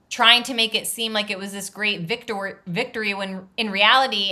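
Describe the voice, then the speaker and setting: Woman journalist on a podcast, bright voice, chatty and wry. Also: mid-range voice. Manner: candid, wry, laughs while talking. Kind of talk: casual interview talk.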